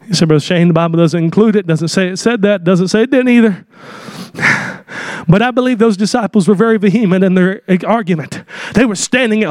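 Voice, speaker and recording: A man preaching a sermon, building from plain talk into fervent shouted lines. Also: high-pitched, no echo, clean studio sound. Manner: impassioned, rising to shouts.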